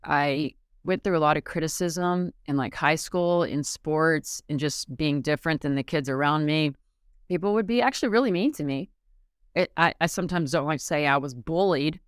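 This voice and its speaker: A woman's voice: fairly low pitch, smooth, no room sound, clean studio sound. A young adult woman hosting her own podcast, talking in a candid, rambling, emphatic way. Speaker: podcast host. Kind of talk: casual solo podcast monologue.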